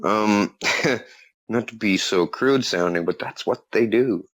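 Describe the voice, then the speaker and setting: Man, low voice, dry close sound, rambling, fillers, chuckling interviewee. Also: takes it slowly, dry recording. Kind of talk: casual interview talk.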